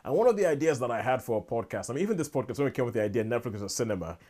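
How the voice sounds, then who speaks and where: A man talks casually as a podcast co-host, in a mid-pitched voice. He rambles, doubles back and chases tangents as he goes. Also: animated, rapid-fire, dark tone. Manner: rambling, with many restarts and asides. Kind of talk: casual chat.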